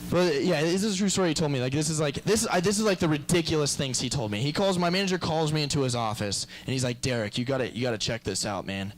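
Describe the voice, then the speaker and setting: A man's voice: fairly high pitch, animated, quick pace, hardly any pauses, poor audio. A young man performing a stand-up comedy set in a club, rambling through stories and acting out the people in them. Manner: rambling storyteller acting out characters.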